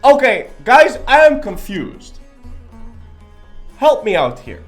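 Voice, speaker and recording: Brief: young male game streamer, animated and rambling, loose and profane. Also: very high-pitched, slow, pauses often, soft background music. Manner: rambling, joking, swears freely. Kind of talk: casual live-stream chat.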